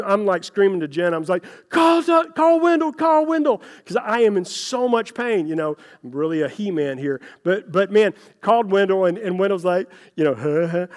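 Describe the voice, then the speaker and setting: A man with a fairly high voice gives a relaxed, story-driven sermon, talking to his congregation like friends. His words ring out into a large hall with a long reverb tail. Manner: folksy storytelling, addresses listeners as "guys". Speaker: pastor. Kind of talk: conversational sermon.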